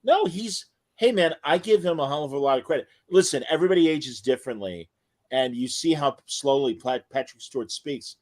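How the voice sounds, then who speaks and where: A man co-hosting a casual fan chat, enthusiastic and animated. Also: a little high, fairly quick. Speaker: podcast co-host.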